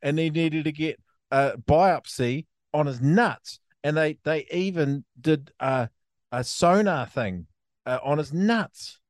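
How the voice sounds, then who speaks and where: A man's voice: on the high side, slow pace, no room sound, studio quality. A New Zealand man co-hosting a podcast, telling stories with plenty of swearing and laughter in a casual chat. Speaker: podcast co-host. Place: resort room, in person.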